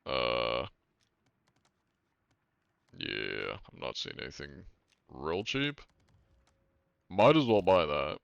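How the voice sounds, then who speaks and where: A deep-voiced man chatting casually while live-streaming a game, laid-back and wry, swearing offhandedly. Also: animated, very slow, creaky, pauses often, clean tone, dry recording, dull audio.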